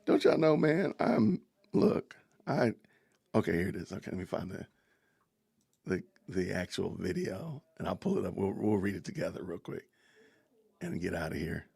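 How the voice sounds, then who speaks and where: A middle-aged man with a drawl hosts a casual livestream, chatting loosely with his viewers and laughing often. His voice is gravelly and a bit husky. The sound is dry and close, with little room around it. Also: sits low, sing-song, moderate pace, long pauses, darkish tone, no echo. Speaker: podcast host. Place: home, family heard in the kitchen.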